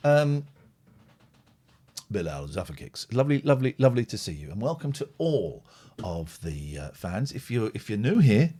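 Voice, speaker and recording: A man's voice: on the low side, very animated, normal speed, warm tone, husky. A man hosts a live call-in stream, chatting loosely and reading out viewer comments. His voice rises and falls a lot as he talks. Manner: rambling, chatty, reads viewer comments aloud. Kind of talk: casual live-stream chat.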